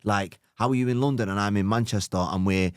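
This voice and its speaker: A man's voice: fairly low pitch, a little fast, smooth, dry recording, studio quality. A man hosting a podcast, talking in a reflective, encouraging way with lots of filler words. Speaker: podcast host, coach. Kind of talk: casual podcast chat.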